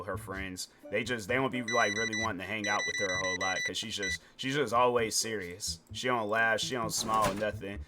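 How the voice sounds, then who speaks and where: A man's voice: fairly low pitch, very noisy. A male streamer rambling through casual, joking commentary while he plays a game. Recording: game music playing behind.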